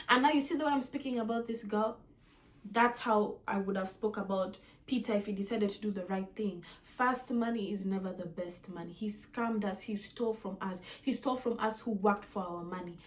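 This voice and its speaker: A young woman, telling a storytime rant to her viewers in an indignant, repetitive way. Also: fairly high pitch. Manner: indignant, repetitive, animated emphasis. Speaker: vlogger.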